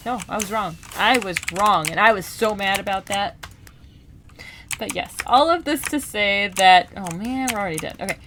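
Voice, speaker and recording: Rambling woman vlogger, chatty and animated. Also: mid-range voice, normal speed, noisy background. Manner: rambling, animated, lots of fillers and repeats; gaming while talking. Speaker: book vlogger. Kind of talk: casual chat.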